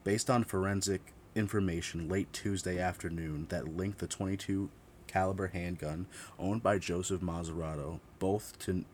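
Deep-voiced man narrating true crime, blunt and profane. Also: fairly even intonation, normal speed, a little mellow, a little hiss or hum. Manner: reads steadily, breaks off into profane, blunt asides; corrects his own slips mid-sentence.

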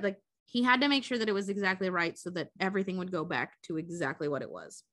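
Bright-voiced woman swearing through a story. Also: on the low side, fast talker, few pauses. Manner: profane, animated storytelling. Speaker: podcast co-host. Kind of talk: casual chat, retelling a movie plot.

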